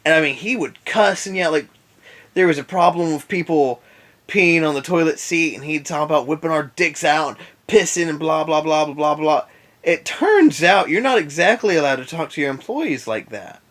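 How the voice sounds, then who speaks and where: A man's voice: fairly high pitch, expressive, normal speed, fairly bright tone. A tired young man in bed, venting about an old boss in a casual vlog rant with sarcastic asides. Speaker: vlogger. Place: in bed at home.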